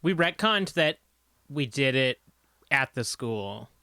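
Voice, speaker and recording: A man's voice: mid-range voice, animated, slow, pushed and bright, no room sound, studio quality. An easygoing man playing a tabletop role-playing game with friends. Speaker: player.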